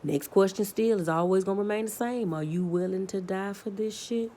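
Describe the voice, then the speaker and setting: Speaking fairly quickly in a dark-toned, mid-range voice, a woman vlogger rants profanely about her opinions. She's blunt, curses nonstop, and keeps restarting her sentences as she gets more worked up.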